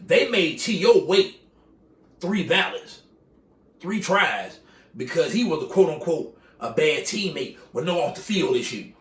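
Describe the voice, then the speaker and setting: A man's voice: fairly high pitch, animated, measured pace, reverberant, recorded from a distance. A man giving a casual, heated sports opinion rant, swearing freely and repeating himself for emphasis. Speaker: sports commentator.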